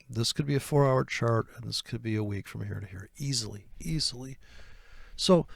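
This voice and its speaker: A man's voice: mid-range voice, vocal fry, no echo, studio quality. A man walking through trading charts in a sarcastic, profane teaching style. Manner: sarcastic, swears freely, mock-dialogue. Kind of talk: profane, sardonic chart walkthrough.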